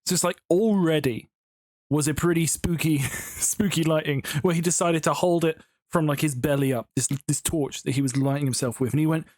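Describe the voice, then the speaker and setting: A fairly high-pitched man speaking at normal speed, with a darkish tone, builds in Minecraft for YouTube from home. The recording is dry and studio quality, and his commentary is a casual, rambling, giggly stream of stories.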